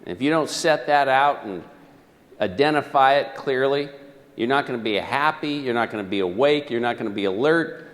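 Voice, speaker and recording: A man's voice: mid-range voice, moderate pace. A man giving a live motivational presentation, telling stories and firing questions at his audience. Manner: animated, questions the audience, storytelling. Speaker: motivational speaker. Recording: echoey hall.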